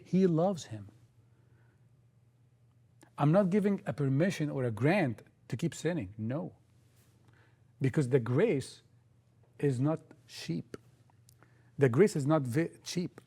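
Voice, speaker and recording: A man preaching a sermon, emphatic, often repeating key phrases and sometimes halting and restarting. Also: fairly high pitch, dark tone, breathy edge.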